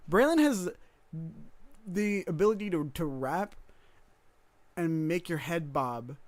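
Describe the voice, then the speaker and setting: A man's voice: fairly high pitch, expressive, takes it slowly, no echo. A young man co-hosting a podcast, chatting casually and rambling through stories with frequent laughter. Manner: rambling, laughs often, mimics coworkers in quotes. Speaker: podcast co-host. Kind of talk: casual chat.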